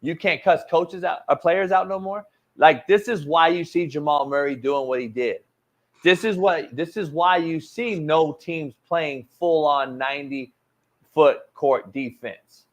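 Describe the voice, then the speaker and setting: A man hosting a sports talk show, his voice sitting high and cutting. He argues hard and swears freely, pressing every point with loud, emphatic force. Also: measured pace. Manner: loud, profane, emphatic and combative. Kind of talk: heated sports radio rant.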